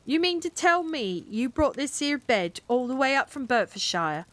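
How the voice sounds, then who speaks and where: A woman's voice: high voice, very animated, moderate pace, a bit bright, no echo, voice pushed up. A woman reading a story aloud, voicing a stubborn middle-aged policeman who blusters in sarcastic, ungrammatical speech. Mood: stern. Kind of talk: cozy bedtime read-aloud.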